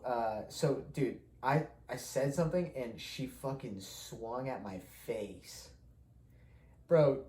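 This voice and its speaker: A man's voice: medium pitch, a little mellow. A young man hosting a podcast, telling a rambling, profane story with frequent laughs. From Mexican heritage. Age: young adult. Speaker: podcast host. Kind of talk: casual storytelling. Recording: echoey room with faint ambience.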